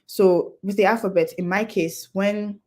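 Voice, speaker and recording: A woman's voice: mid-range voice, steady tone, measured pace, darkish tone. A young adult woman speaking at a conference, explaining step by step in an earnest, practical way. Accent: non-Nigerian English accent. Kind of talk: talk to an audience.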